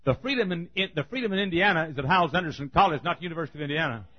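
A man preaching a sermon, telling a folksy story and building to emphatic, forceful points. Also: on the high side, expressive, rapid-fire, dull audio.

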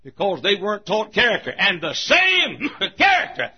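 A man preaching a sermon as pastor, emphatic, swinging between shouted points and hushed asides, with a husky voice. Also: sits high, huge pitch swings, normal speed. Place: church. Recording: dull lo-fi recording.

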